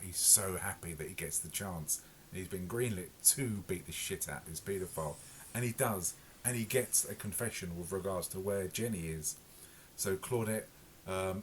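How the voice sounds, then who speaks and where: A man's voice: deep voice, slight background noise. A man reviewing a TV episode in casual, rambling talk full of fillers and self-corrections. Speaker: podcast reviewer.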